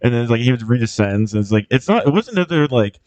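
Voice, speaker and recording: A man's voice: mid-range voice, big pitch swings, fast, a little mellow, no room sound. A man co-hosting a podcast in casual chat, rambling and profane with lots of fillers. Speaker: podcast co-host.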